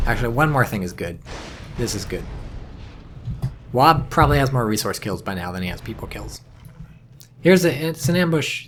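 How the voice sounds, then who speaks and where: A man's voice: fairly low pitch, slight background noise. Man rambling through solo game commentary. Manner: rambling, deadpan jokey asides. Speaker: esports caster.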